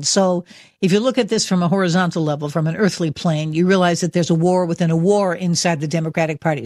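A man's voice: a little high, no echo, clean studio sound. A man hosting a Christian talk radio show, delivering impassioned, preacherly commentary full of rhetorical questions.

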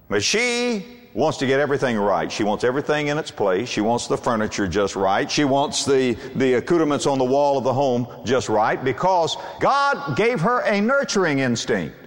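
An older man delivering a sermon in an emphatic preacher's cadence, leaning hard on key words and pausing for effect. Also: medium pitch, lively intonation. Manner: emphatic, swooping preacher cadence with dramatic pauses. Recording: long hall reverb.

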